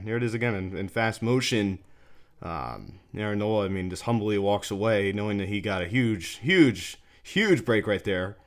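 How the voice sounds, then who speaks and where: A man with a fairly low voice hosts a fan sports channel and talks through game replays. He sounds exasperated and repeats himself, and his voice leaps upward whenever he can't believe what he's seeing. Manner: exasperated and repetitive, pitch swinging up in disbelief.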